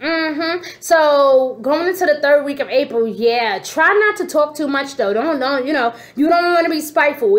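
Woman, high voice, tarot reader, casual and sassy, talks straight to camera. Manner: expressive, sassy, talks straight to viewers with endearments.

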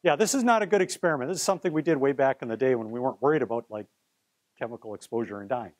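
Speaking very fast at a medium pitch, this middle-aged man is a chemistry professor before a live class. He's playful and theatrical, urging students to come up and help at the board.

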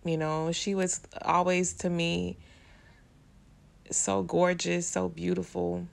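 Gravelly woman chatting casually. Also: lowish voice, flat delivery, slow pace. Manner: chatty, emotional reactions, slangy. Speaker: vlogger. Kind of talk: casual celebrity commentary.

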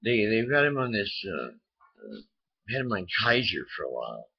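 Low husky guy ranting at his cam from home, swearing a lot, muffled cheap audio. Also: wildly swooping pitch, moderate pace. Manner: profane, heated, rambling. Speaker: vlogger. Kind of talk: angry political rant to camera.

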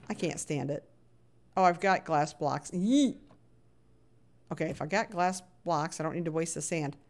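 A woman's voice: lowish voice, big pitch swings, normal speed, long pauses, darkish tone. A middle-aged woman talks her way through a live game stream in a loose, chatty voice. She plays up her annoyance, grumbles at the game and reads messages from chat aloud as she goes.

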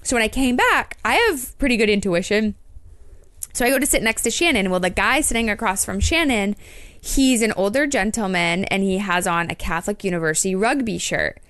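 A podcast co-host, a woman with a medium-pitched voice, talks fairly quickly as she recounts a story in casual chat. She's animated and acts out the voices of those she quotes, and there's no room sound.

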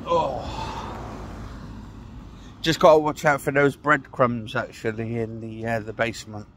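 A man's voice: mid-range voice, little pitch movement, unhurried, a bit bright, a little hiss or hum. A man rambling and ranting sarcastically while he walks outdoors, swearing and sighing as he talks. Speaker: vlogger. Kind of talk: casual ranting walking vlog. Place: outdoors on a walk.

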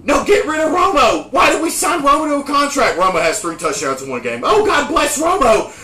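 A shrill, whiny football fan , as a man puts him on, flip-flops from one gripe to the next. The voice sits high and bright, and it echoes in a roomy space with faint music behind. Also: sing-song, brisk, recorded from a distance, exaggerated voice.

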